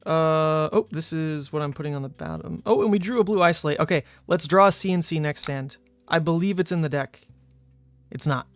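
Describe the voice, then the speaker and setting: A young man with a fairly high voice streams a card game, thinking aloud about each play and trading wry remarks with his chat. His voice sounds close and dry, with faint music underneath. He grew up in New Orleans, but his speech has no regional accent. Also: a little fast, no room sound. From New Orleans, Louisiana, USA. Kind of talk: casual live-stream commentary.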